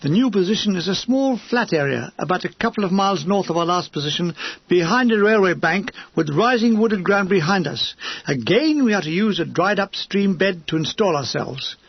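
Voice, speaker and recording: A man's voice: sits high, expressive, moderate pace, breathy edge, no room sound, dull audio. A man reading an audiobook of a war memoir in a dry, wry manner. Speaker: audiobook narrator.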